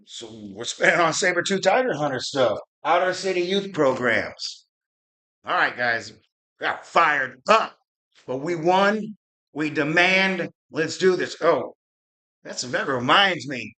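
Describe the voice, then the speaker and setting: High bright ranting man. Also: lively intonation, unhurried. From Arizona. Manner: ranting, profane, rambling with restarts. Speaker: podcast host. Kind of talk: fired-up political rant.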